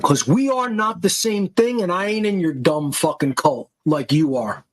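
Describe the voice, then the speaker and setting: A man's voice: sits high, moderate pace, poor audio. A male podcast host giving an angry, aggressive monologue full of profanity and insults.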